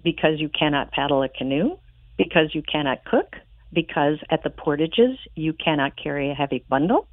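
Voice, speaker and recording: A group of skeptical squirrel friends fire off doubting questions in a low voice, as a woman reads them aloud from a storybook. The voice comes through a tinny phone line. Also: expressive, fast talker, few pauses, no room sound, lightly acted. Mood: scoffing.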